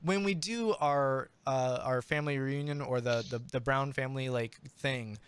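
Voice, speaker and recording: Male game master in his thirties, mid-pitched, rambling and halting; casual live-play chat. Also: a little hiss or hum. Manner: rambling, halting, self-interrupting.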